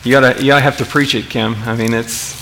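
A man's voice: mid-range voice, fairly even intonation, quick pace, gravelly, fairly bright tone, slight background noise. A man preaching a sermon in a conversational way, with many restarts and questions to his audience. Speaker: pastor.

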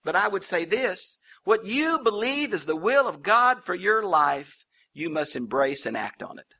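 A man's voice: high-pitched, sing-song, measured pace, pushed and bright. A man preaching a Bible teaching sermon, folksy and humorous with colloquial asides.

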